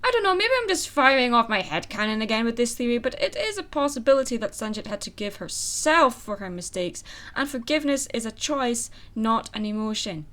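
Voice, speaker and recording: A woman's voice: on the high side, sing-song, brisk, fairly bright tone. A young woman hosting a comedic film review, with sarcastic, exasperated asides. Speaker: film reviewer and channel host.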